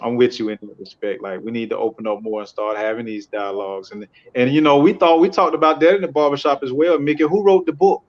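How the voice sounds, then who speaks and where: A barber talking in a casual interview, telling stories animatedly and building to emphatic pleas. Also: male voice, medium pitch, fast talker, few pauses, highs cut off. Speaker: barber and barbershop owner, podcast guest.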